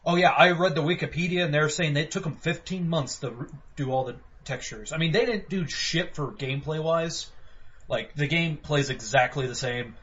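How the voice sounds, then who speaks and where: A man co-hosting a casual game review podcast, animated and swearing freely as he talks. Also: a little high, moderate pace. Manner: animated, swears freely, puts on voices for quotes. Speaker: podcast co-host. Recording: dull lo-fi podcast audio.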